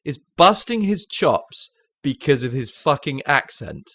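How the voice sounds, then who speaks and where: A man's voice: mid-range voice, sing-song, a little slow, sharp tone, no echo, clean studio sound. A man in his thirties co-hosting a podcast, chatting casually and animatedly, swearing and acting out scenes. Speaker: podcast co-host. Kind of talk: casual movie chat.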